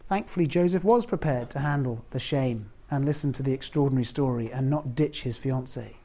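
A preacher delivers a sermon in a relaxed, conversational way. The voice sits at a middling pitch with a mellow, warm tone. Now and then the preacher asks the listeners direct questions. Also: brisk.

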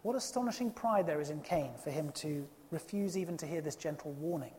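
A preacher delivering an emphatic, expressive sermon full of rhetorical questions. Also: medium pitch, brisk, a little hiss or hum. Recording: long reverb of a hall.

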